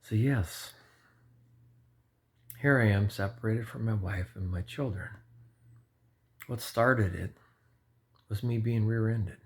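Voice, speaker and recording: Man in his 40s, deep husky voice, earnest lay preacher, rambling testimony, self-correcting. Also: slow, pauses often. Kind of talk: informal personal testimony.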